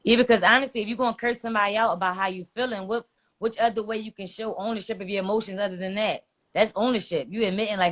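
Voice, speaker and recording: A woman in a casual podcast debate, measured and reasoning aloud. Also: mid-range voice, fairly even intonation, a bit bright. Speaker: podcast panelist.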